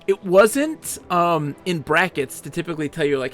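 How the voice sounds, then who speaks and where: A man's voice: a little high, normal speed, hardly any pauses, fairly bright tone, faint music behind. A young man streaming a game, chatting enthusiastically and rambling with frequent laughs. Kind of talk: casual live-stream game commentary.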